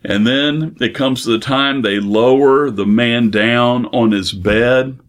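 A man preaching a sermon, earnest, posing rhetorical questions and slowing down for emphasis. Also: mid-range voice.

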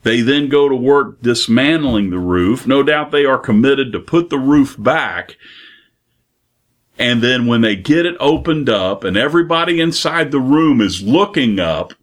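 A man preaches in an earnest, mid-pitched voice. He piles up rhetorical questions and slows down to press a point. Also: fairly bright tone. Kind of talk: sermon.

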